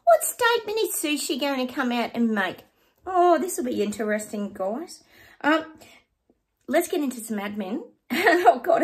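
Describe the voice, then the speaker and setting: A woman, hosting her own psychic channel and chatting casually and effusively to her viewers. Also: medium pitch.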